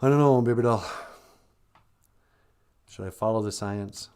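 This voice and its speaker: A man's voice: on the low side, a little slow, a little mellow, clear, resonant tone. A man hosting a comedy podcast, talking in a dry, sarcastic way. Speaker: podcast host.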